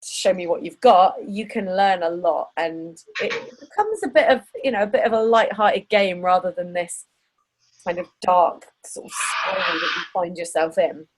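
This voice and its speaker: A woman hosting a podcast and coaching her guest in casual interview chat, chatty and quick to laugh. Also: lowish voice, poor audio. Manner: chatty, laughs often, animated.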